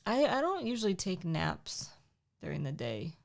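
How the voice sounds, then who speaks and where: Woman, lowish voice, gravelly, laughing, casual chat. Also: wildly swooping pitch, normal speed. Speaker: livestream co-host.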